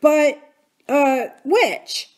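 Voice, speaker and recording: A woman's voice: sits high, animated, very slow, pitched above the performer's own voice, full character voice. A woman reading as an anxious, earnest housekeeper. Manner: earnest, startled questioning. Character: anxious kindly middle-aged housekeeper woman. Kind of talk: reading a novel aloud.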